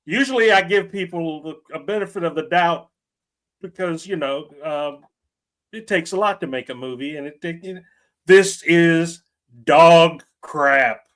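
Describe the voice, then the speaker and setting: A man's voice: on the high side, moderate pace, fairly bright tone. A man reviewing a film on a podcast in casual chat, blunt and emphatic as he rants.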